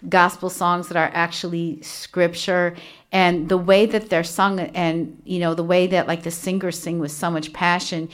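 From a small home studio, a woman hosts a solo devotional podcast, speaking earnestly and chattily with plenty of fillers. Her voice is lowish and unhurried, with little pitch movement, recorded on a studio microphone with earphones.

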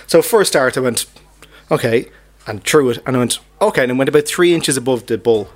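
An Irish man co-hosting a comedy podcast, telling a story in an animated way that repeats words. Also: medium pitch, brisk. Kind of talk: casual chat, storytelling.

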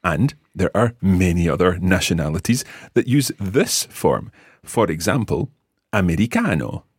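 A man's voice: sits low, lively intonation, unhurried, breathy edge, dry recording, studio quality. A Scottish man hosting a podcast language lesson, patiently explaining and repeating words for his co-host. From Scotland.

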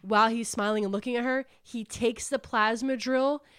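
A woman's voice: fairly high pitch, normal speed, smooth. A woman hosting a book club podcast, casually retelling a novel's plot and acting out the characters' lines. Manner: animated storyteller acting out quotes, says "like" often.

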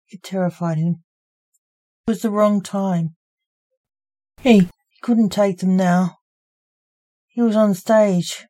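Slow, mellow-voiced woman reading her story. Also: fairly low pitch. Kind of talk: storybook narration.

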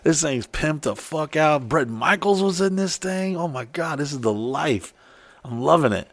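In a dry recording, a man with a slightly high voice speaks at a moderate pace while casually relating a wild tale. He's excitable and profane, and he acts out the quotes of the people involved.

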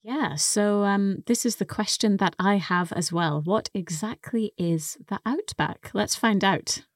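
A woman's voice: medium pitch, unhurried, dry recording, studio quality. A woman co-hosting an English lesson podcast, carefully explaining vocabulary and pronunciation. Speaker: co-host and English teacher.

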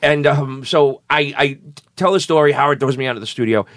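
A man's voice: medium pitch, fairly quick, fairly bright tone, no room sound. A man hosting a casual chat, telling long rambling stories with crude language and many restarts.

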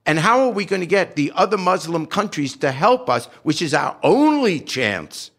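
A man's voice: fairly high pitch, sing-song, normal speed, a bit bright. An older man giving impassioned, indignant political commentary, firing off rhetorical questions with a sarcastic edge. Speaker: podcast guest.

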